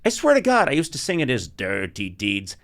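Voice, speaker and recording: A middle-aged man telling funny stories in casual chat. He is animated, laughs often, and gets loud when he is excited. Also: on the high side, rapid-fire. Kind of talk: comic storytelling chat.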